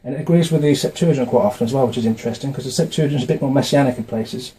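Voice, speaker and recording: Man, mid-pitched, dark mellow tone, casual talk from notes, halting with ums. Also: slight background noise, low-quality recording. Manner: hesitant, with frequent fillers and restarts. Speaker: video maker explaining a religious topic. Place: indoors, dim room. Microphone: camera mic, facing camera.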